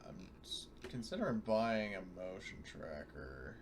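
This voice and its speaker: A man's voice: lowish voice, sing-song, measured pace, a little hiss or hum. Rambling man at the game table. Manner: rambling, full of fillers and restarts. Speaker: player. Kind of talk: casual tabletop game chat.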